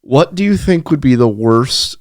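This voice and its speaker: A man co-hosting a podcast in casual chat, laid-back and quick to laugh along. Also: medium pitch, animated, no echo, clean studio sound. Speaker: podcast co-host.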